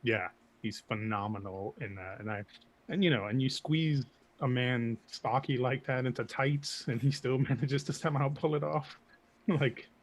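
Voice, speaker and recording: A man co-hosting a casual live chat, relaxed and joking, stammering on repeated words. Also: medium pitch, normal speed. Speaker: co-host. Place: Massachusetts.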